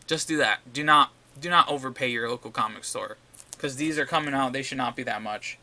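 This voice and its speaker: A man's voice: medium pitch, fairly quick, bright, forceful tone. A man rambling casually in a comic book vlog, ranting and swearing as he shows his new pickups. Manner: ranting, profane, repeats himself.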